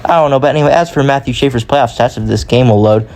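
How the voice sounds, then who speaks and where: A man's voice: medium pitch, fast talker, darkish tone, faint music behind. A young man talking through a hockey sim career in casual commentary, rambling and often correcting himself mid-sentence. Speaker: gaming YouTuber.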